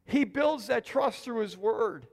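A man preaching a sermon to a congregation in a church, excited and close to yelling as he exhorts his listeners. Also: very high voice, slow, creaky. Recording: long hall reverb.

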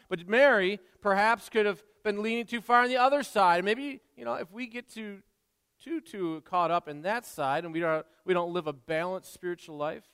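Brief: an earnest, chatty male pastor with a high, clear voice, preaching in a church with a long hall echo. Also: a bit bright. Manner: conversational, earnest, with frequent restarts and asides. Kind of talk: sermon. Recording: long reverb in a large hall.

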